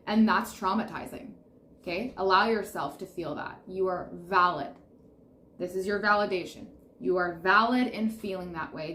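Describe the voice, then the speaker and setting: A woman's voice: on the low side, fairly bright tone. Soothing woman reading tarot in a roomy space. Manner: soothing, reassuring, repeats affirmations. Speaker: tarot reader. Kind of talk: pick-a-card tarot reading to camera. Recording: roomy echo with faint background noise.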